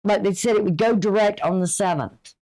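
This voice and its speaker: Speaking a little fast in a mid-range, dark-toned voice, a woman delivers a chatty, homespun astrology reading packed with advice. She's an astrology and tarot reader and has a runny nose.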